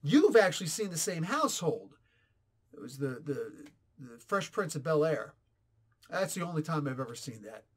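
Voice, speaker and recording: A man in his forties giving a casual, opinionated comic book review, animated and sarcastic. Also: on the high side, normal speed, breathy edge. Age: 40s. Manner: animated, ranting, sarcastic asides.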